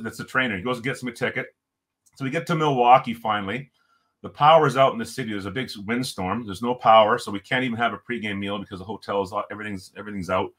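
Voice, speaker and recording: A middle-aged man from Jamaica, a former pro hockey player, telling a long story in casual talk and acting out what people said. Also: lowish voice. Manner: animated storyteller, acts out quotes, many restarts.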